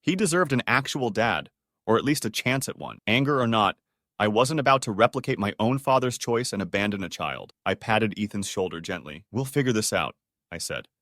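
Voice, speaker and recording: A man's voice: fairly low pitch, expressive, a little fast, fairly bright tone, no room sound, clean studio sound. A man narrating a dramatic first-person story in a scripted, emotional read.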